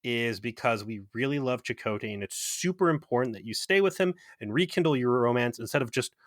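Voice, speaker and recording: A man's voice: medium pitch, expressive, brisk, dry recording, clean studio sound, lightly acted. A man mock-voicing a lovesick alien woman. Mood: pleading. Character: lovesick alien woman pleading, played mockingly.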